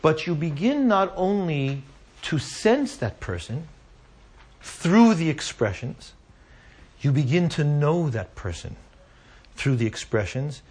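A man's voice: a little high, very animated, slow pace, long pauses, a little mellow, slightly rough. A man teaching a Torah class to a live audience, talking conversationally and often checking in with asides like "right?".

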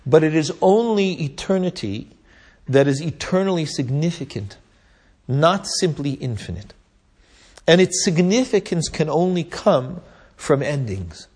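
Husky-voiced rabbi, animated teaching. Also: male voice, fairly high pitch, a little slow. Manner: retells sources with Hebrew and Aramaic terms, frequent "right?" checks. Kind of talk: lively Torah class storytelling.

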